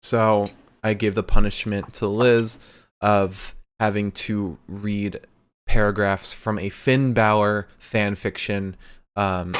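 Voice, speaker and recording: Playful man hosting a podcast. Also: on the low side. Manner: playful, laughs easily. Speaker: podcast host. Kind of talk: casual chat.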